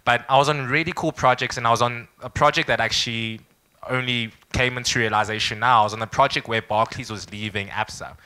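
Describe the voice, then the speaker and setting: A young man from South Africa spins a personal anecdote for a live audience at a founders' event. His voice is bright and forward, and he slips into quick impressions of the people in his story. He keeps the room with him in a casual, storytelling style. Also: medium pitch, smooth. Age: young adult. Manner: lively anecdotal storyteller, acts out quoted people. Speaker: startup founder speaker.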